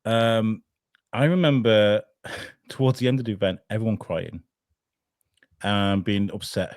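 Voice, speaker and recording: A man's voice: fairly low pitch, unhurried, long pauses, a little mellow, no echo, studio quality. An English man, a podcaster guest, tells a rambling, self-mocking story, swearing and laughing as he goes. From England. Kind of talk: casual anecdote in an interview.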